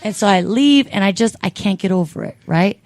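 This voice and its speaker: A woman tells a comedic story in a loud, animated and profane way, slipping into voices for everyone in it. Her voice is recorded dry and close, with no room sound. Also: medium pitch, a little fast, no room sound.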